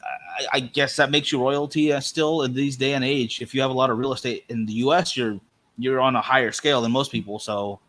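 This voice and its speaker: A man co-hosting a podcast, chatting casually and spinning deadpan, rambling jokes. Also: mid-range voice, brisk. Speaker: podcast co-host. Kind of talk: casual joking chat.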